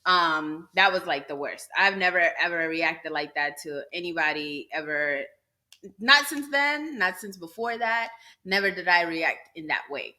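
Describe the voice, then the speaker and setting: A woman's voice: fairly low pitch, unhurried. A young woman co-hosting a podcast, telling a story in casual chat and acting out what people said. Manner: animated storyteller who acts out quotes. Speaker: podcast co-host.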